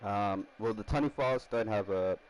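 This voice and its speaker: Aussie bloke streaming a footy game, lowish voice, rambly and chuckly. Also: male voice, normal speed, clean tone, rough recording. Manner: rambling, laughs often, self-correcting. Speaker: gaming streamer. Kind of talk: casual gaming commentary.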